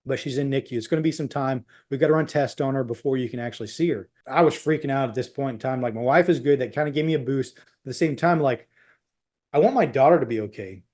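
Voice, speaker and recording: A man's voice: mid-range voice, quick pace, a little mellow. A middle-aged man, a podcast guest, telling a personal story in an intense, tumbling way and acting out the dialogue.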